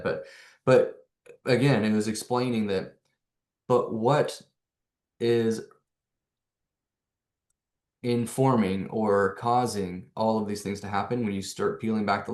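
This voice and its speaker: Here a man's fairly low, darkish voice sounds in an echoey room. Presenting to hosts as a neuro coach, he explains neurology animatedly, using rhetorical questions as his energy builds.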